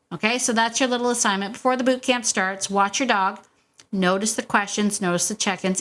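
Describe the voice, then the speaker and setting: A woman's voice: a little high, fairly quick. A middle-aged woman hosting a dog-training podcast, coaching listeners in a casual, encouraging way with frequent laughs and repetition. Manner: warm, encouraging, laughs often, repeats herself.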